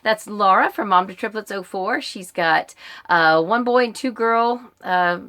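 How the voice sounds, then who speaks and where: A woman's voice: medium pitch, measured pace, bright, forceful tone. A middle-aged American woman casually answering a list of questions in her book vlog, chatty and rambling with frequent ums and uhs. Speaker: book vlogger.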